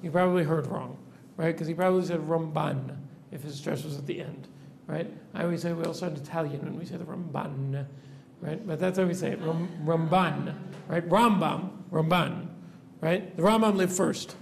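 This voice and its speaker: A rabbi in a classroom, a man with a high, gravelly voice, lecturing students. He explains patiently, tosses questions to the class and keeps checking they follow with a quick "right?". Faint hiss sits under the recording. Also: a little mellow. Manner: explanatory, tags "right?" onto nearly every point. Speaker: rabbi teaching a seminary class.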